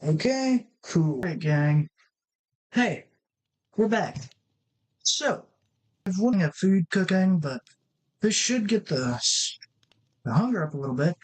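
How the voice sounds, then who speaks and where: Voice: mid-range voice, lively intonation, slow pace, pauses often, poor audio. A let's-play host giving casual gameplay commentary, rambling and thinking aloud with many restarts while talking straight to the viewers.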